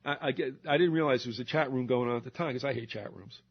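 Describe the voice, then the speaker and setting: A man's voice: medium pitch, fast. An older American man hosting a show, ranting sarcastically and mocking politicians in put-on voices. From United States. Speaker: radio show host. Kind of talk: ranting monologue. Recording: slightly dull lo-fi recording.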